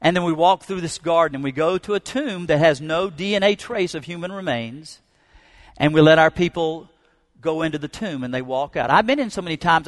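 A middle-aged man preaches in a church, his voice sitting a touch higher than most men's. He tells his stories with fervor and builds them toward a rousing call. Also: fairly bright tone. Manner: storytelling, fervent preacher. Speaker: pastor. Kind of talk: sermon. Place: church sanctuary.

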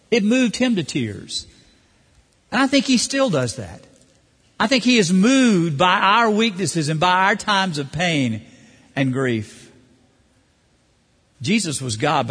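A man preaching a sermon, animated, acting out the voices of the people he quotes. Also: fairly high pitch, husky. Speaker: pastor. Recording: hall reverb.

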